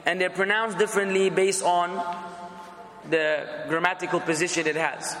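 A man's voice: high-pitched, little pitch movement, normal speed, a bit bright. Man lecturing a class in an echoey room. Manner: conversational, asks the class questions, repeats words. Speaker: instructor. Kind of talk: classroom lecture with questions to students. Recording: echoey classroom, some background noise.

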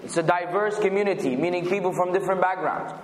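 A man's voice: high-pitched, quick pace. A man teaching a weekly Quran commentary class, patiently explaining and spelling out words. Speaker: religious teacher. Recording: echoey, reverberant hall.

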